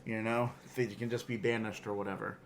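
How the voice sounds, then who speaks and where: A man's voice: lowish voice, flat delivery, fairly quick, slight background noise. A man co-hosting a casual podcast chat, steering the talk in a laid-back, agreeable way. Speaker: podcast co-host.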